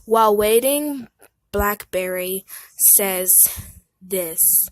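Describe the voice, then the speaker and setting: Lively young woman reading a fan story. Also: medium pitch, slow pace, dry recording. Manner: lively, giggly asides.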